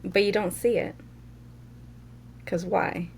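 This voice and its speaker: Slow-talking woman, measured storyteller. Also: mid-range voice, steady tone, gravelly, darkish tone, slight background noise. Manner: measured storytelling with frequent "like" fillers. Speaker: podcast co-host. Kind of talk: casual chat.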